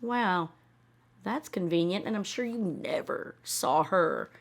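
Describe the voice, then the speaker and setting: A woman's voice: mid-range voice, animated, slow, vocal fry. A woman commenting on a reality show in a blunt, sarcastic, swearing rant. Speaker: reaction video host.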